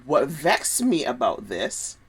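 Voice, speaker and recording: A woman co-hosting a casual chat about a soap opera, talking in an animated way with frequent restarts. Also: a bass voice, slow pace, husky. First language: French speaker. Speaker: podcast co-host.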